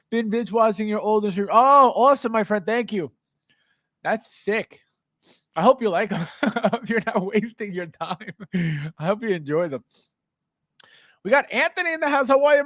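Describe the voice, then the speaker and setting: Male livestream host, casual chat, high and very lively voice, greets viewers and laughs often, dry close sound. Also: dry recording.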